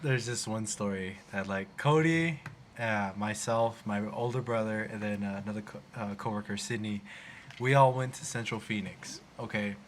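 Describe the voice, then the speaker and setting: Young man, from Arizona, podcast host, casual storytelling, animated, faint background noise. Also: fairly low pitch, normal speed. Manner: animated storyteller, acts out quoted voices.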